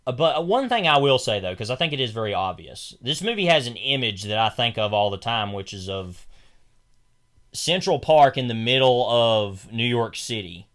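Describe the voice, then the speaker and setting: A young man co-hosts a podcast with a medium-pitched, slightly bright, sing-song voice at normal speed. He talks through a film casually and ramblingly, full of fillers and restarts.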